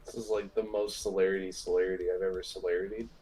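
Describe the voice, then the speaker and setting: A man's voice: deep voice, flat delivery, fast, mellow. A man playing in a tabletop roleplaying game, chatting casually, joking and swearing in reaction. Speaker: player. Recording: background music under voice.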